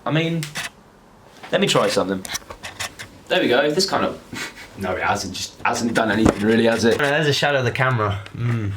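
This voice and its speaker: A man's voice: mid-range voice, lively intonation, brisk, long pauses, background noise. A young man chatting casually to a camera on a tripod, rambling and laughing often. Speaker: vlogger.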